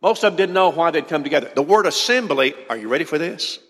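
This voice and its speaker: A man's voice: a little high, lively intonation, quick pace, a bit bright. Man preaching in a reverberant hall. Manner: explanatory, conversational, asks the congregation questions. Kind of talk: sermon lecture.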